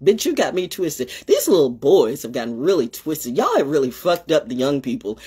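A woman rants into her phone on a casual livestream, blunt and profane. Her husky voice leaps wildly up and down, sliding from sermon-like scolding into teasing sing-song chants. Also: low-pitched, big pitch swings, moderate pace, dark tone. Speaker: livestream host. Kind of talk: off-the-cuff ranting livestream.

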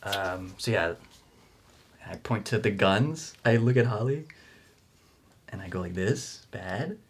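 A man's voice: on the low side, slow pace, breathy edge. A man playing a tabletop game, asking eager questions and joking casually. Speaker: player.

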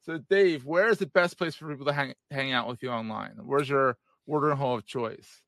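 A man's voice: mid-range voice, brisk, a bit bright, no echo. A man in his forties hosting a podcast in casual interview chat, joking and laughing at his own quips. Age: 40s. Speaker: podcast host.

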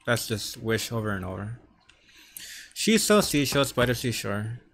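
A man's voice: medium pitch, sing-song, unhurried, a bit bright. Man with a stutter and a lisp. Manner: stutters, repeating sounds and words. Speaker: vlogger. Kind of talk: practicing tongue twisters on camera. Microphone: wearing earphones.

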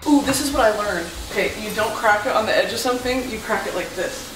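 A woman's voice: fairly high pitch, fast. A young woman in her twenties making a casual, chaotic comedy vlog, blurting absurd jokes and giggling. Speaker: comedic content creator. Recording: noisy phone-camera vlog audio.

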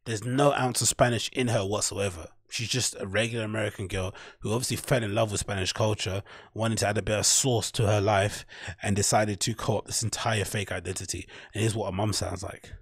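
Husky man, casual podcast talk. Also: fairly low pitch, fairly even intonation, fairly quick, no echo, studio quality. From London. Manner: rambling, tags lines with "right?". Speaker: podcast host. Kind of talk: casual commentary.

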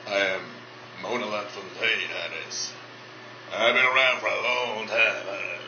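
A man voicing a theatrical veteran drag entertainer who speaks slowly and calls people honey. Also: on the low side. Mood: grand. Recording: dull echoey recording, far from mic, hiss.

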